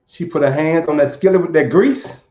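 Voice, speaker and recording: A man from Saint Louis, USA, tells a personal story to a live audience, speaking earnestly and stumbling over repeated words. His voice is a little high, brisk and mellow, and the recording sounds roomy, dull and lo-fi.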